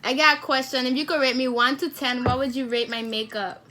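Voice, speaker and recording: A woman's voice: high-pitched, fairly even intonation, brisk, sharp tone. An eighteen-year-old woman vlogging casual video calls with strangers on her phone, slangy and repeating the same question again and again.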